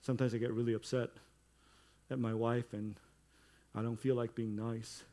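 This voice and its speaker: Pastor preaching a sunday sermon, middle-aged guy, chatty then gets loud and emphatic, ordinary mid pitch. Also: little pitch movement, normal speed. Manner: conversational preaching that builds to loud emphatic stretches.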